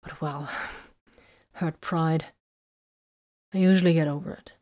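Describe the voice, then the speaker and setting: A woman's voice: sits low, steady tone, measured pace, mellow. A woman voicing a bitter, hurt young woman warrior in an audiobook, speaking in an emotional, confessional way. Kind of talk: audiobook character reading.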